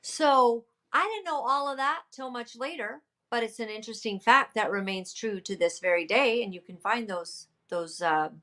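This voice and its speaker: A woman's voice: on the high side, normal speed, few pauses. Emphatic woman telling a story. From Canada. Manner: emphatic, lively retelling with many "you know" fillers. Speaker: podcast guest, political candidate. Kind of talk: storytelling in a casual interview.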